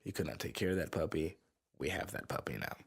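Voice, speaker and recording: A man's voice: low-pitched, animated, quick pace, husky. A man, a musician guest, chatting casually on a podcast, rambling and laughing, with plenty of "uh" and restarts. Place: recording studio.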